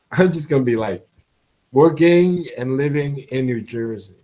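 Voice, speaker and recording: A man's voice: medium pitch, animated, a little slow, mellow, poor audio. Rambling man chuckling through a story. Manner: repetitive, restarts often, chuckles between phrases. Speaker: blogger. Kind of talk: casual rambling monologue.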